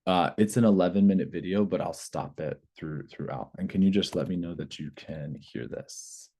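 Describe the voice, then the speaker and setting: A man with a very low, mellow voice walks trainees through a lesson plan. He explains steps in plain words, with the odd filler as he goes. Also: normal speed, breathy edge. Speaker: teacher trainer. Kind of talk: presenting a teacher training session.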